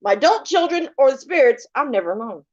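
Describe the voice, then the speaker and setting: A middle-aged woman, chatting casually on a live stream and telling animated stories, often acting out the lines of the people in them. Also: high voice, fast talker. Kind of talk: casual storytelling chat. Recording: muffled lo-fi live stream audio.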